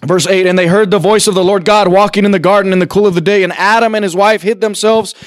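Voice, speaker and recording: Fired up preacher guy, high voice, acts out little conversations, gets loud. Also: fairly even intonation, fast, no echo, clean studio sound. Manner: impassioned, climbing to near-shouts; preaches with rhetorical questions and acted-out dialogue. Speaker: pastor. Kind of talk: sermon. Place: church sanctuary.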